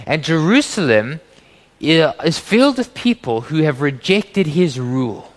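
High-voiced preacher in a reverberant hall. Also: male voice, a little slow. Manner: earnest, animated preaching with quoted voices. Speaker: pastor. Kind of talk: sermon.

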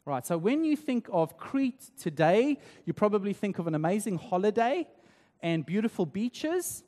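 Pastor, male, raised in South Africa; high-pitched, conversational sermon delivery, long reverb of a church hall. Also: big pitch swings, moderate pace, a little mellow. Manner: conversational, tag questions like "right?".

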